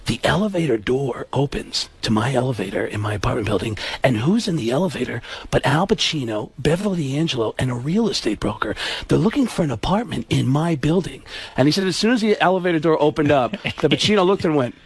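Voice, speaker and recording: A male comedian guest telling stories on a talk radio show in an animated, quick way. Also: fairly high pitch, breathy edge, no echo.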